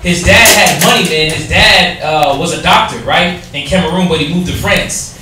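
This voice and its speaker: A man's voice: on the high side, moderate pace, background noise. A man talking casually and emphatically in slang, chiming in with agreement. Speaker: group member. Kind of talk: casual chat. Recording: echoey hall from far off.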